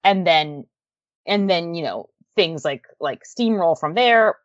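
Chatty laughing woman, lively pitch. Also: takes it slowly, dry recording. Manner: chatty, laughing often, lots of fillers. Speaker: podcast co-host. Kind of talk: casual chat about a TV series. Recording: dull lo-fi dry sound.

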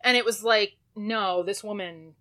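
A woman's voice: medium pitch, measured pace, pushed and bright. A woman reporter chatting casually on a podcast, telling anecdotes and acting out the back-and-forth of conversations. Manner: chatty storyteller, acts out quoted exchanges. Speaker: entertainment press reporter.

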